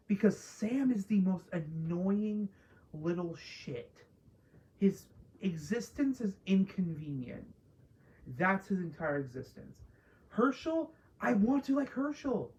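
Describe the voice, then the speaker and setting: A woman's voice: mid-range voice, warm tone, highs cut off. A woman casually ranting through a spoiler review of a TV episode, profane and exasperated, mocking characters she dislikes. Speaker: TV show reviewer.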